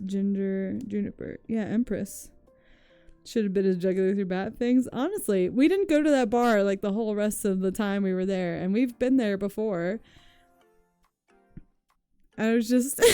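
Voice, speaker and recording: A woman chats to her stream audience in a loose, rambling way, peppering her stories with swearing and laughter. Her voice is smooth and warm, recorded close and dry. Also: a little high, no echo. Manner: chatty, rambling storytelling with frequent "like" and swearing; laughs often while telling stories. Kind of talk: casual chat with viewers.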